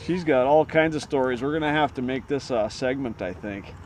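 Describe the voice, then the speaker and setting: A man hosting his vlog outdoors, talking casually with many pauses and "uh" fillers. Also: mid-range voice. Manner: halting, full of "uh" fillers. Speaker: vlog host. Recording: faint street noise.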